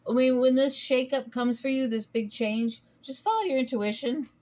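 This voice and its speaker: A woman giving a casual spoken tarot reading, talking in a rambling, halting way with many pauses and restarts. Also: sits high, darkish tone. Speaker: tarot reader.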